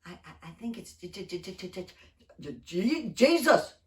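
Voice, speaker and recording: A woman's voice: fairly low pitch, lively intonation, unhurried, a little mellow, pitched below the performer's own voice. A woman voicing Peter, a frightened fisherman who stammers, in a children's story. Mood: frightened stammering. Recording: roomy echo, distant mic, faint noise.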